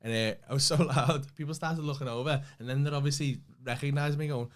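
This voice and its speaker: A man's voice: a little high, fast. Scouse man telling a story. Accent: Liverpool. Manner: animated, swears freely, acts out other people's lines. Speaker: comedian and podcast co-host. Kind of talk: casual anecdote telling.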